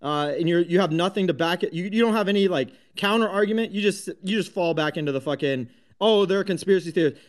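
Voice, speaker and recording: A man hosting a live online audio room, ranting combatively with constant swearing and frequent restarts. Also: sits high. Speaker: host of a crypto talk space.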